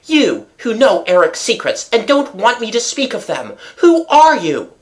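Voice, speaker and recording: A reader voicing an agitated young nobleman in love, answering in high-strung, urgent bursts. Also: big pitch swings, normal speed, a bit bright. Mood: frantic.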